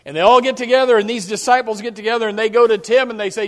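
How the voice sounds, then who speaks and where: A man's voice: high-pitched, steady tone, very fast. A male pastor preaching a sermon, emphatic and direct with the congregation, repeating his key phrases. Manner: speaks straight to the congregation.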